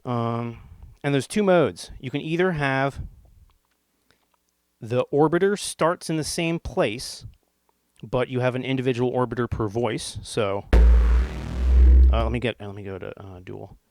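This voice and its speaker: A man's voice: mid-range voice, unhurried, dry recording. A man casually walking through a synthesizer demo, rambling and jokey, with the odd swear and silly put-on accents. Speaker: gear reviewer demonstrating a synth. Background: synthesizer tones playing.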